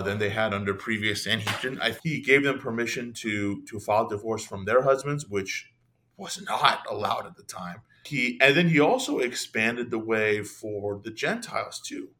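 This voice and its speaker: Animated man explaining in casual talk. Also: lowish voice, moderate pace. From Iran. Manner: animated, frequent restarts and asides. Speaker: podcast guest. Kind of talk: casual conversational discussion.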